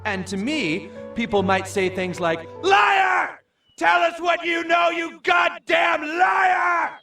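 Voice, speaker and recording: A very high, bright-voiced cartoon dad confesses in public and shouts out the accusations he imagines. It plays as a distant clip of a TV show, with faint music under it. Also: lively intonation, slow pace, vocal fry, some chatter behind, exaggerated voice. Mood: shouting. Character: middle-aged cartoon father confessing in public. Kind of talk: animated TV cartoon dialogue.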